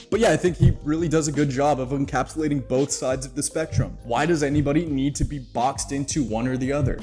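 A man's voice: mid-range voice, a little mellow. A man narrating his own video essay in a playful, jokey way, with mock-dramatic asides.

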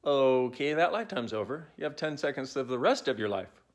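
A man's voice: medium pitch, lively intonation, brisk. A man in his forties talking casually to a phone held at arm's length, playful and prone to digressions, coaching his viewers. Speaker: self-help speaker. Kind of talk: casual talk to camera.

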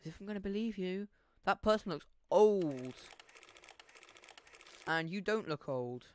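A laid-back let's play commentator talking at a slow, easy pace. They mumble running thoughts, address the game's characters directly, and break into playful chuckles along the way. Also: mid-range voice, animated, darkish tone, clear, resonant tone. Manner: mutters to self, talks to game characters; playful, laughs and hums along. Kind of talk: casual gameplay commentary.

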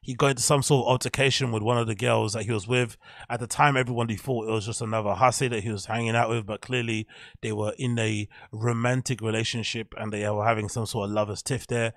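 Gravelly-voiced guy rambling on his podcast, dry close sound, blunt and casual. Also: medium pitch, flat delivery, fast talker, dry recording. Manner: rambling, blunt, talks while browsing. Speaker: podcast host. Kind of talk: casual commentary on a screen grid.

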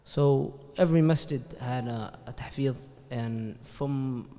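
A man from Qatar speaking relaxed and hesitant as a panel guest, mixing Arabic fillers into his English. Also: medium pitch, takes it slowly. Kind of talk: casual talk at a live event. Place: event hall at an Islamic centre. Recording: long hall reverb.

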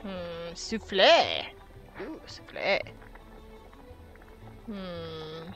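A woman's voice: fairly low pitch, big pitch swings, drawn-out words, fairly bright tone, soft background music. A woman streaming a video game, chatting casually and muttering to herself as she plays. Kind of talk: casual gaming stream commentary.

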